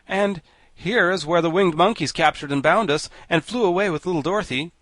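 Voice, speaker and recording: Man voicing a gentle, thoughtful scarecrow king. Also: high-pitched, fairly quick, no room sound, voice pushed up. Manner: kindly, reflective, soothing.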